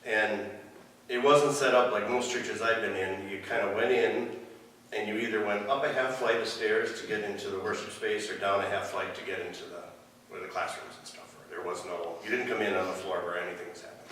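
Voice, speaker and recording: Pastor guy in his 50s telling stories in church, lowish voice, big echoey room, kinda far from mic. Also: fairly quick, slight background noise. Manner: relaxed, wry, anecdotal. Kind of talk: storytelling sermon. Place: church hall.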